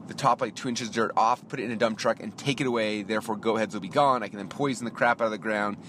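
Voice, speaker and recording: Guy on his podcast ranting a story, lowish voice, faint hum behind. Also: fast. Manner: animated ranting, quoting himself and others in dialogue. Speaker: podcast host. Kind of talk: casual storytelling rant.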